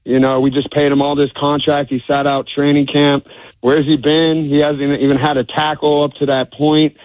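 Hoarse man calling in by phone. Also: fairly high pitch, flat delivery, moderate pace, no room sound. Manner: rambling, many fillers and restarts. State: hoarse, lost voice. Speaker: radio caller. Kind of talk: phone call to a sports radio show. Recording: tinny phone line.

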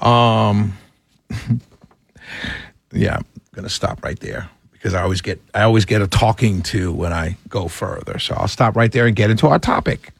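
A man's voice: on the low side, normal speed, vocal fry, pauses often, no echo. A man hosting a call-in radio talk show, chatty and friendly with callers. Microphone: studio microphone.

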